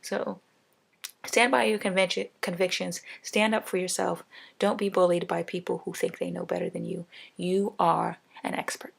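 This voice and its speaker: A woman talks straight to the camera in a casual, ranting monologue, hammering her advice home through repetition. Her voice is heavy with vocal fry, with a rough, husky edge. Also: fairly low pitch, flat delivery, normal speed. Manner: emphatic, repetitive, advice-giving. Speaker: vlogger.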